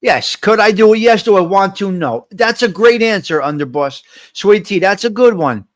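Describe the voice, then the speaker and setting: A high-voiced man hosts a live morning coffee stream and talks straight to his viewers, repeating his points in a motivational tone. He reads out the names and answers of people in the chat. He is close on the mic and sounds dry, with no room around him. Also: lively intonation, moderate pace, dry recording. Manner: motivational, repetitive, addresses viewers directly. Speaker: livestream host. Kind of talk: casual live morning chat, reading chat comments.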